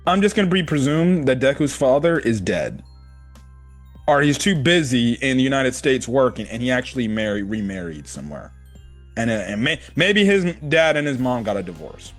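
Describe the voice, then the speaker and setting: A man's voice: mid-range voice, moderate pace, faint music behind. A man hosting a casual anime review, talking animatedly and swearing freely. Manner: animated, acts out quotes, swears. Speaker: host.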